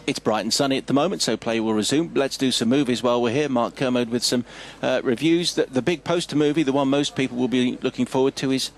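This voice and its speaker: Quick, dry radio host. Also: male voice, mid-range voice. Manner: dry, teasing interjections. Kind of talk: radio chat.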